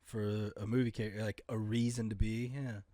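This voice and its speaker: A man co-hosting a comedy podcast in casual chat, animated, jokey and quick to argue. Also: fairly low pitch, dry recording, clean studio sound.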